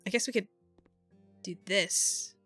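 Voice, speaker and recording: A woman's voice: medium pitch, takes it slowly, a bit bright, soft background music. A woman streaming a game and chatting with her viewers, thinking aloud in an exasperated way. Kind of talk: casual live-stream chat while playing.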